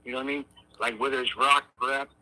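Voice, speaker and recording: Very bright-toned laid-back man. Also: medium pitch, fairly even intonation, fast, rough recording. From California. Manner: laid-back, asks follow-up questions. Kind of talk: casual chat.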